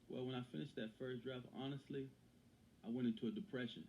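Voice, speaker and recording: A man's voice: mid-range voice, fairly even intonation, quick pace, a little mellow, a little hiss or hum, rough recording. A man as an interview guest and author, talking earnestly in casual conversation, often repeating phrases and restarting.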